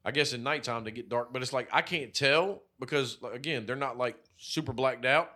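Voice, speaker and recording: A man's voice: medium pitch, brisk, sharp tone. A man in his thirties co-hosting a podcast, telling rambling, profane stories full of fillers in casual chat. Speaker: podcast co-host.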